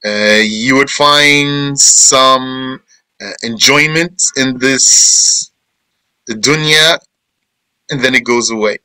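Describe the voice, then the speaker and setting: A man teaching a verse-by-verse Quran commentary, reciting Arabic verses briskly and then explaining them slowly in English, repeating phrases. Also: mid-range voice, sharp tone, clear, resonant tone, dry recording, low-quality recording. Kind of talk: verse-by-verse tafsir lesson.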